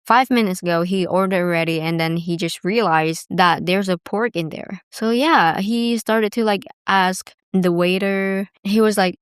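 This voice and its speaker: A woman's voice: mid-range voice, a little slow, few pauses, clean tone, no echo, studio quality. Chatty young woman telling a story. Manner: chatty, lots of filler words, acts out others' voices. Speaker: vlogger. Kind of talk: casual storytelling to camera.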